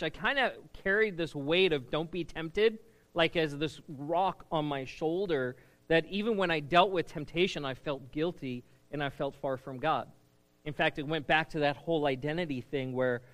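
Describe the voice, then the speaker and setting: A man's voice: high voice, pushed and bright, smooth. A middle-aged man preaching a sermon in a conversational way, often drawing the congregation into call-and-response. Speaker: pastor.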